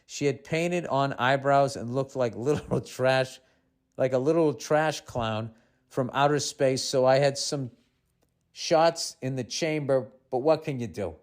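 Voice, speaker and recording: A man's voice: mid-range voice, unhurried. A man in his fifties, a podcast host with a Boston accent, reading a listener's letter aloud and breaking in with sarcastic, exasperated asides.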